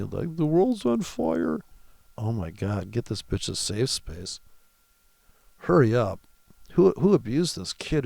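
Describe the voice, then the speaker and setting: Male trader, gravelly voice, rambling profane commentary, dry close sound. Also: fairly low pitch, darkish tone, no echo. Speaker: forex trader. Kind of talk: casual live trading commentary.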